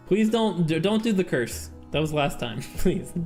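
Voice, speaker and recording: A man's voice: a little high, lively intonation, a little slow, few pauses, darkish tone, soft background music. A man streaming a game with his chat, chatting casually, laughing often and reading game text aloud. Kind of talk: casual livestream chat while playing a game with chat.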